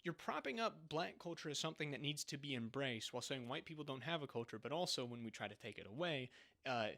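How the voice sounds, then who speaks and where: A man's voice: mid-range voice, expressive, fast talker, creaky, bright, forceful tone. Man arguing sarcastically on a podcast. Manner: argumentative, sarcastic commentary. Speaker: podcast co-host. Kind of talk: opinionated podcast chat.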